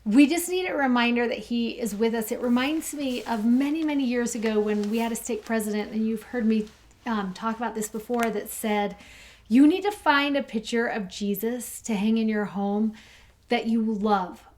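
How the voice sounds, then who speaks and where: A woman co-hosting a scripture study podcast, chatting enthusiastically and slowing down to read verses aloud. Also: a little high, a little hiss or hum. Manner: enthusiastic, reads verses slowly and warmly. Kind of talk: casual scripture discussion.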